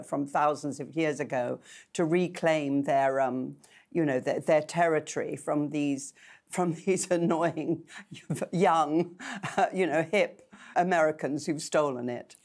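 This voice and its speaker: A woman's voice: low voice, darkish tone. An older woman actress speaking thoughtfully in an interview, with hesitant fillers. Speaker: actress and guest. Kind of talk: red carpet interview.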